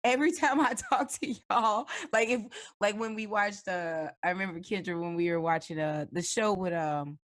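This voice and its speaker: A woman's voice: medium pitch, normal speed, hardly any pauses. A woman co-hosting a casual podcast, telling rambling stories and laughing a lot. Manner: giggly, rambling storytelling. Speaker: podcast co-host. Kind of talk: casual chat.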